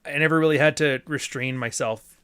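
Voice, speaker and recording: A man's voice: a little high, steady tone, a bit bright, clear, resonant tone. A man hosting a live stream, chatting casually with a guest, cursing freely and joking. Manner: profane, joking, quick asides. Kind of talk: casual chat.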